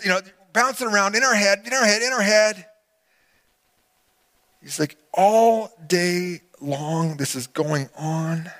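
A middle-aged man preaching a sermon, animated, acting out quotes and swinging between loud and hushed delivery. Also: lowish voice. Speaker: pastor.

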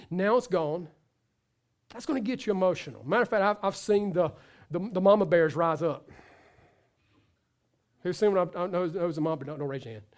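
A pastor with a high, slightly mellow voice preaches a sermon to his congregation. He's emphatic, repeating himself and restarting phrases as he builds a point.

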